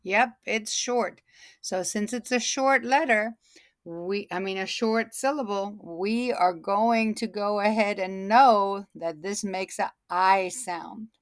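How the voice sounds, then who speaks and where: A woman teaching a phonics lesson to young students, saying each word slowly and repeating it so they can hear the sounds. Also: mid-range voice, no echo, studio quality. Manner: slow, deliberate, stretches and repeats words.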